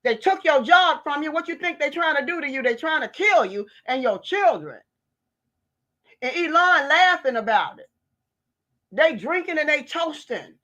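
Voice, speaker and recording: A woman's voice: high-pitched, expressive, normal speed, sharp tone. A woman from the United States, a vlogger delivering an impassioned political rant in a fiery, preachy, emphatic way.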